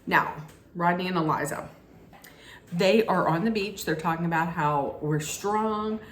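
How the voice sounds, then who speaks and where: A woman's voice: on the low side, a little slow. A woman casually recapping a reality TV episode. She often restarts her sentences and acts out what people said. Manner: chatty, with frequent restarts and lively acted-out quotes. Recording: echoey room with faint background noise.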